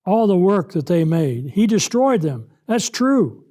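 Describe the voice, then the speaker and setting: A man with a high, mellow voice preaching slowly and emphatically through a Bible lesson. He leans hard on key words and swells louder when giving voice to the scripture. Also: sing-song. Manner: slow, emphatic, rises loud when voicing God.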